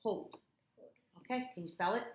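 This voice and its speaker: A woman tutoring a child in phonics one-on-one, patient and encouraging, repeating words slowly in a classroom. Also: medium pitch. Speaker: reading tutor. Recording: echoey room, faint noise.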